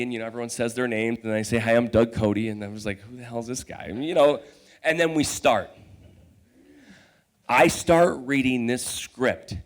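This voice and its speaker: A man telling a true personal story on stage, animated and profane, laughing as he talks and acting out his own inner voice. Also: a little high.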